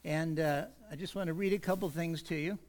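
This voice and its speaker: A man preaching a sermon in a church, easygoing and joking at first, then slowing and stretching key words for emphasis. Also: a little high, steady tone. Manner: warms up with jokes, easygoing asides. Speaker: pastor. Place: church sanctuary.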